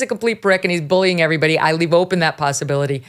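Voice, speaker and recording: A woman in her fifties hosting a talk show, blunt and animated, laughing often as she chats. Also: low-pitched, rapid-fire. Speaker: podcast host. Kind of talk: opinionated talk show chat.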